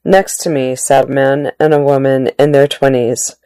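A woman narrating magazine articles aloud in a measured, plain reading style with occasional restarts. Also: a bass voice, flat delivery, mellow, clean tone, no room sound.

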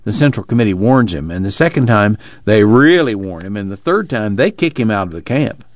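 Man voicing calm male watchman, matter-of-fact, low, dull dry recording. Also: a little fast, no room sound, close to an everyday voice. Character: calm older male camp watchman, steady.

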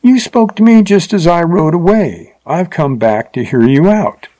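A man voicing a confident young Texan horseman who speaks briskly and mockingly in an audiobook. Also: medium pitch, animated, a little mellow, dry recording.

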